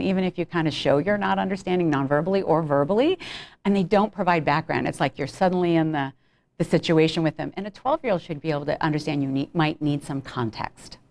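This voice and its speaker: A woman giving a clinical lecture on child behavioral health in a relaxed, conversational way, with frequent ums and brief acted-out examples. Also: deep voice.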